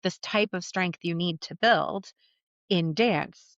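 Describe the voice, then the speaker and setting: A woman's voice: lowish voice, slow, no room sound. Candid woman coach, dull dry sound. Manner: candid, conversational, swears casually. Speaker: coach and podcast host. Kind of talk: solo podcast monologue.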